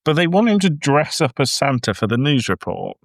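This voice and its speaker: A man's voice: medium pitch, sing-song, brisk, creaky, dry recording, clean studio sound. A man co-hosting a podcast, ranting in exasperation about a film and swearing often in casual chat. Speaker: podcast co-host.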